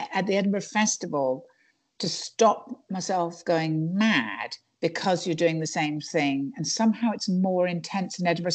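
A woman's voice: sits low, darkish tone. A woman stand-up comedian chatting in an interview, digressive and full of restarts. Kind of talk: casual interview chat.

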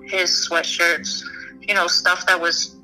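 Young woman, interview guest, very bright voice, candid, halting, faint music behind. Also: on the low side, level tone, rough recording. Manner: candid, halting, many restarts and "you know". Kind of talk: personal story in an interview.

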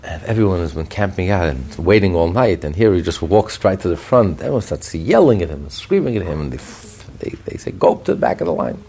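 Man, Torah teacher, low gravelly voice, husky, lively storytelling, podcast class. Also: fairly quick, few pauses. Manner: animated storyteller with repeated restarts and chuckles.

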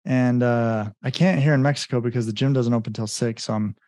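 A man's voice: medium pitch, fairly even intonation, brisk, darkish tone, no room sound. Guy rambling thru his story, lots of likes, dry close sound. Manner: rambling, many "like" fillers, acts out quotes. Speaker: guest business coach. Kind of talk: casual storytelling interview. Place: home in Mexico.

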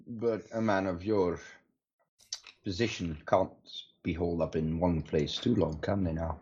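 A man voicing a guarded female rogue bargaining with a crime boss, measured and probing. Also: sits low, fairly even intonation, darkish tone, slightly rough. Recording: muffled lo-fi mic.

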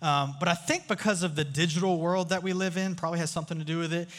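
A man's voice: fairly high pitch, fairly even intonation, quick pace. A man giving a casual, storytelling sermon to a live crowd, chatty and joking, often asking the audience questions. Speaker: youth speaker. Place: large room with a live audience. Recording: long hall reverb.

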